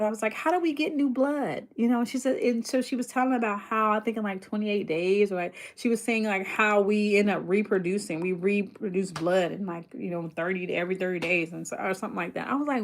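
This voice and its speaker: A woman hosting a casual livestream about mindset and income, chatty and rambling with many fillers, growing excited and emphatic. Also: fairly high pitch. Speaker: online business coach hosting a livestream.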